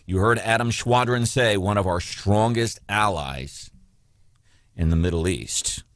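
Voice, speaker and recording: A man hosting morning talk radio, with a low-set voice and a sarcastic, combative edge. He is close on the mic in a dry studio, with no room sound. He fires opinions straight at his listeners. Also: unhurried, no echo. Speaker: radio show host.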